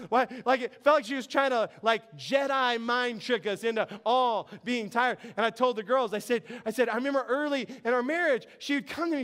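A man's voice: very high voice, a little fast, hardly any pauses, fairly bright tone, clean tone. A middle-aged man, preaching a sermon in an earnest, conversational way and telling stories. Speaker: pastor.

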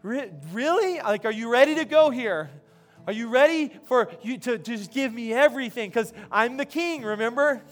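A man's voice: very high voice, moderate pace, a bit bright, soft background music. A pastor voicing God as a loving king. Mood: earnest. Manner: earnest, insistent, repeats phrases. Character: God speaking warmly as a firm loving king.

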